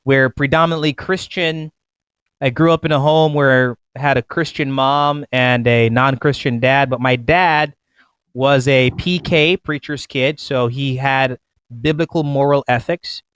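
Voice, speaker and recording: A man from Jamaica with a Jamaican accent, chatting casually in clear, careful customer-service diction. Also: medium pitch, steady tone, unhurried, a bit bright, no echo. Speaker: pastor. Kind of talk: casual chat.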